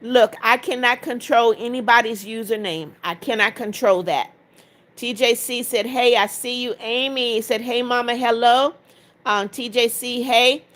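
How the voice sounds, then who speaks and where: A woman's voice: fairly high pitch, fairly even intonation, a little slow, a bit bright. A woman hosting a livestream, reading viewer comments aloud, answering them directly and praying over requests. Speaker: livestream host.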